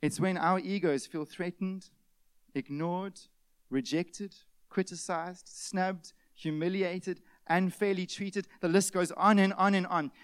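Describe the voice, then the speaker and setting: A male pastor, preaching an animated sermon in which he acts out everyday scenes with sudden shouted outbursts. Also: sits high, slow, clean tone, no echo.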